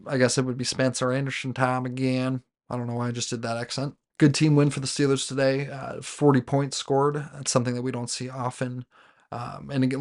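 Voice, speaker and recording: A man talks through his team's latest game on his own podcast, speaking as a fan. His pitch stays level, with little rise and fall, and he keeps restarting sentences and filling pauses. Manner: rambling, with frequent fillers and self-corrections; fan talking about his team as "we". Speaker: sports podcast host. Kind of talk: casual solo game recap.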